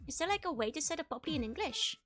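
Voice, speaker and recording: High-voiced Dutch woman, giggly stream chat. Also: animated, very fast, sharp tone, faint music behind. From Netherlands. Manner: chatty, giggly, greets chat one by one. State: tickly, scratchy throat.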